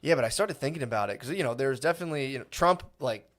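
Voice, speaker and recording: A man's voice: medium pitch, expressive, very fast, a bit bright. A man, co-hosting a podcast in casual, rambling, profane chat. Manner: rambling, profane, quotes people in put-on voices. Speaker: podcast co-host.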